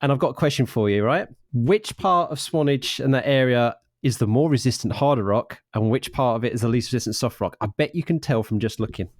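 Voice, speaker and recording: Enthusiastic British podcast host, dry sound. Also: male voice, mid-range voice, a little fast, hardly any pauses, no room sound. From United Kingdom. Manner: enthusiastic, animated, many restarts. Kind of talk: casual podcast interview.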